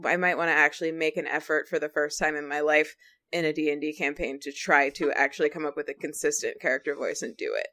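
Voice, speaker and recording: A woman's voice: low voice, fairly even intonation, fast talker, bright, forceful tone. A woman co-hosting a podcast, chatting casually and rambling with lots of fillers and restarts. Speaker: podcast co-host. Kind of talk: casual chat.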